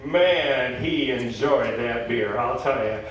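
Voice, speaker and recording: A man emceeing a talent show, polling the crowd and telling a long joke in a folksy, playful, drawn-out way. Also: medium pitch, fairly bright tone, lo-fi sound. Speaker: master of ceremonies. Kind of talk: stage joke storytelling. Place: large hall at a talent show. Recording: echoey hall from far off.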